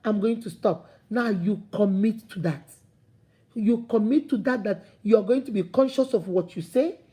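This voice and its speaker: A woman giving an animated, preachy motivational talk, acting out the voices of imagined people. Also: mid-range voice, normal speed. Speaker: motivational speaker.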